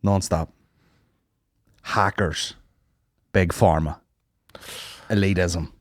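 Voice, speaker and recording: A man's voice: low voice, very slow, dry recording. A young man hosting a podcast, chatting casually and telling stories full of swearing. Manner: animated, sweary storyteller. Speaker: podcast host. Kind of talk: casual chat.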